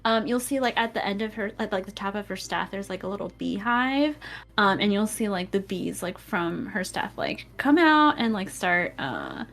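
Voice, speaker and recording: A woman's voice: mid-range voice, expressive, moderate pace, a bit bright, soft background music. A woman playing a tabletop game, describing her character's actions in an eager, playful way. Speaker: player.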